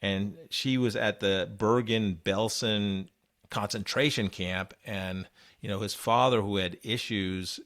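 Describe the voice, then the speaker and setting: A man's voice: lowish voice, fairly even intonation, takes it slowly, fairly bright tone. A man co-hosting a podcast, recapping an interview in casual, rambling chat with many restarts and fillers. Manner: rambling, frequent restarts and "you know". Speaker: podcast co-host.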